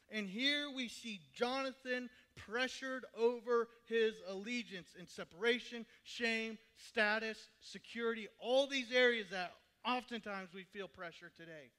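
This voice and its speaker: A man's voice: very high-pitched, bright, forceful tone, clean tone. A man preaching a sermon, reading scripture aloud and then explaining it in plain words.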